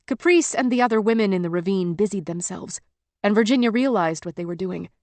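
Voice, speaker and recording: A woman narrating an audiobook in a measured, tense storytelling manner. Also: mid-range voice, darkish tone, no echo. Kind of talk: scripted narration.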